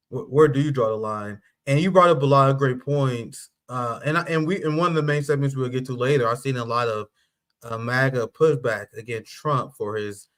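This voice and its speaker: A man's voice: medium pitch, pushed and bright. A man hosting a political livestream, talking in a blunt, profane and mocking way and laughing at his own jokes. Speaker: host. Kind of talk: casual political livestream commentary.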